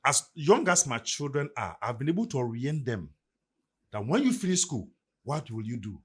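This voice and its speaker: A man's voice: mid-range voice, big pitch swings, normal speed, husky. A middle-aged man from Ghana with a Ghanaian English accent, speaking in an emphatic, preacherly way as a podcast guest. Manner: preacherly, emphatic, rising and falling delivery. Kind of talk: motivational podcast talk.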